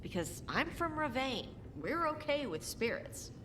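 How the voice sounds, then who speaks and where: A woman's voice: sits high, big pitch swings, measured pace, background noise. An actress playing a blunt, earnest young woman warrior in a video game. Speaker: game character.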